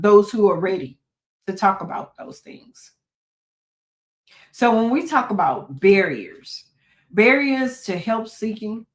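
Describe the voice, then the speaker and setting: A woman therapist talking to her listeners in a preachy, folksy way, with repeated phrases, joking asides and many rhetorical questions. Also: mid-range voice. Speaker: therapist and podcast host. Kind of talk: solo talk to listeners.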